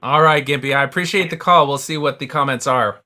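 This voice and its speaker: Bright voiced guy hosting a call-in show, brisk and upbeat. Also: mid-range voice. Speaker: host.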